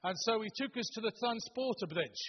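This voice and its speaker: A man in his seventies with a Stoke-on-Trent accent, opening a sermon with homely, humorous stories, often halting and restarting. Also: high voice, lively intonation, a little hiss or hum. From Stoke-on-Trent, England. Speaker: preacher. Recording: dull, long-reverb hall recording.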